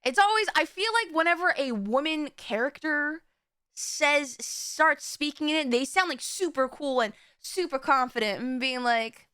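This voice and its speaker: Woman streamer, high bright voice, giggly, rambles and trips over her words. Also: expressive, moderate pace, no echo, studio quality. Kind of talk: casual live-stream chat.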